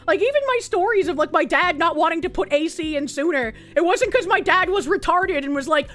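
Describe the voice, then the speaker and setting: Brash, high-pitched, profane woman streamer. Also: animated, a little fast, few pauses, a bit bright. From New England. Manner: brash, profane, laughing often. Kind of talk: casual live-stream chat, reading chat messages.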